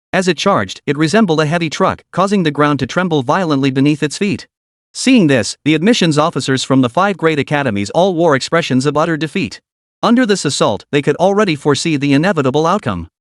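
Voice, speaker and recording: A man's voice: fairly high pitch, dry recording, studio quality. A man narrating a comic recap with dramatic storytelling.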